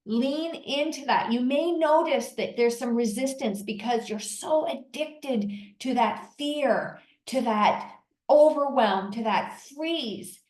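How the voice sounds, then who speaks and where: A middle-aged woman hosting a solo podcast, coaching listeners through a calming exercise, tired after a long day of talking. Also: sits high, takes it slowly, roomy sound, rough recording.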